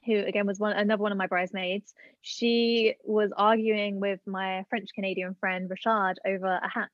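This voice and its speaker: A woman's voice: mid-range voice, little pitch movement, normal speed, no room sound. A young woman from Britain, a podcast guest telling a story in casual chat, full of "like" and "um". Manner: chatty, filler-heavy with many "like" and "um". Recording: dull lo-fi dry sound.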